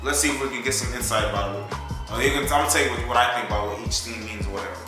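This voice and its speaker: A man's voice: mid-range voice, fairly even intonation, racing. A young man hosting his own reaction vlog, rambling and joking with plenty of swearing. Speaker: YouTube reaction host. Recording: very echoey room with music behind.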